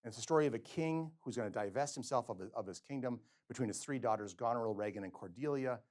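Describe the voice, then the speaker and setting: Animated male lecturer telling stories. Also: mid-range voice, fast. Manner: animated storyteller, acting out quotes with sudden loud and soft swings. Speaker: physician giving a grand rounds lecture. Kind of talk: lecture with storytelling. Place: lecture hall.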